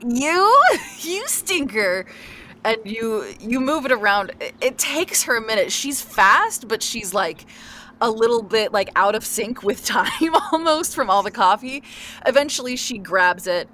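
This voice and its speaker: A woman acting as game master for a tabletop role-playing game narrates in a rambling way, full of fillers and restarts as she searches for words. Her voice is fairly high, bright and forceful at a normal speed, with slight background noise.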